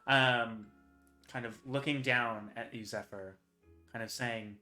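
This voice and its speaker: A man running a tabletop fantasy game as game master, narrating scenes loosely with frequent fillers and restarts. His voice is bright and forward at a middle pitch. Faint music plays behind him. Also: fairly even intonation, takes it slowly. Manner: rambling, filler-heavy narration.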